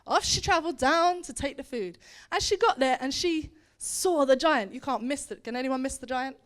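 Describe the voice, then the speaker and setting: A woman's voice: high voice, moderate pace. A woman leading a seminar, telling a Bible story to a group and acting out the characters. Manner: animated, acts out characters with put-on voices. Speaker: seminar speaker. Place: meeting hall or seminar room.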